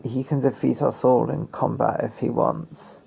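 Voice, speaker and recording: A man's voice: medium pitch, steady tone, unhurried, gravelly, mellow, slightly rough. A man giving casual, playful commentary on a TV episode, spinning fan theories and acting out characters' lines.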